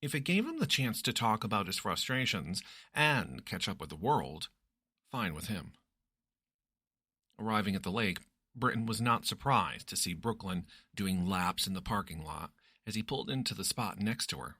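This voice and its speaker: Lively, bright-voiced male storyteller. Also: fairly low pitch, normal speed, breathy edge, no room sound, clean studio sound. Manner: expressive, lively reading. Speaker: narrator. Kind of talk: storybook reading.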